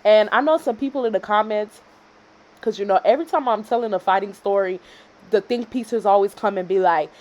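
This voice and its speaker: A woman in her twenties from Houston, Texas, telling a casual storytime vlog in a dramatic way that swings from loud reenactment to quiet asides. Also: medium pitch, fairly quick. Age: 20s. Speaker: storytime vlogger.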